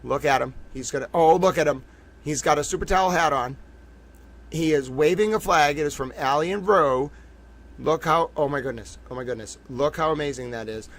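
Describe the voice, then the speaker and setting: A man's voice: fairly high pitch, fairly quick, a bit bright. A man hosting a casual trivia livestream, playful and gushing as he chats with viewers. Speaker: livestream host.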